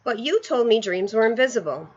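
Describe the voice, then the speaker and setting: A woman's voice: a little high, animated, a little fast, slightly rough, lo-fi sound. A woman doing a curious little girl. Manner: questioning, straightforward. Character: curious young girl, plain and inquisitive. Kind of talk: storybook read-aloud.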